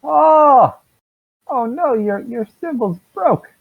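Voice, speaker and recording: A man's voice: fairly high pitch, very animated, moderate pace, husky, dry recording, narrow, tinny audio, pitched above the performer's own voice, exaggerated voice. A man doing a fretful, friendly jail guard. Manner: fretful, rambling, full of ums. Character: anxious, friendly male jail guard paladin.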